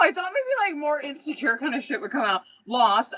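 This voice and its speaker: A woman's voice: high-pitched, normal speed, hardly any pauses, low-quality recording. A young woman doing a live-stream tarot reading, chatty and casual, with lots of filler words, frequent laughs and the odd curse. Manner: chatty, casual and profane, full of "like" and "um"; animated, laughing often. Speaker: tarot reader.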